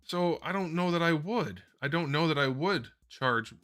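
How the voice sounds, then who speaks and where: Faint music plays behind a man hosting a casual live question-and-answer stream, where he answers viewers into a desk microphone, wandering off and correcting himself. He has a fairly high pitch, lively intonation and a fairly bright tone at normal speed.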